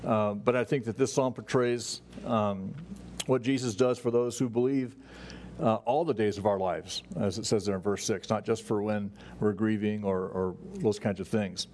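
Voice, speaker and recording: A man preaching to his congregation in an easygoing, conversational way. His voice sits a little low, and he often stops to restart a thought or adds an "uh". A faint hum of room noise runs under the sermon. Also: steady tone, moderate pace, a little mellow. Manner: conversational, many fillers and restarts. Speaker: pastor. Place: church sanctuary.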